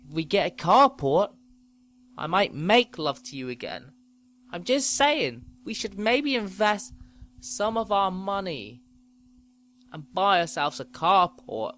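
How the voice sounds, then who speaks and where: A man's voice: high voice, sing-song, slow pace, bright, forceful tone, voice pushed up, full character voice. A man playing an elderly husband who pleads with his wife, then curses her, in a comedy podcast bit. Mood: pleading.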